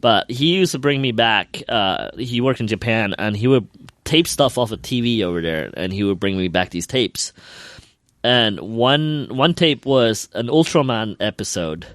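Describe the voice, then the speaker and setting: A man co-hosting a podcast, chatting casually and telling profane, animated stories, sick at the moment. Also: medium pitch, measured pace, dry recording. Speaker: podcast co-host. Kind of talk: casual chat.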